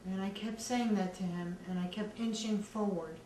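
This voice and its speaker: A woman earnestly recounting her own story in a measured way, with many pauses. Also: medium pitch, fairly even intonation, mellow. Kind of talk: personal testimony. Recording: echoey room, distant mic, faint background noise.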